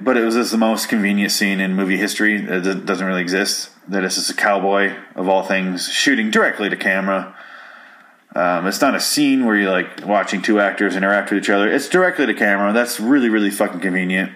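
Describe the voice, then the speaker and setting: A man's voice: fairly low pitch, fairly quick, fairly bright tone. A man giving a rambling, profane, sarcastic recap of a movie, now and then putting on silly voices for its characters. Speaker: film recap commentator. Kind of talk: casual solo movie recap.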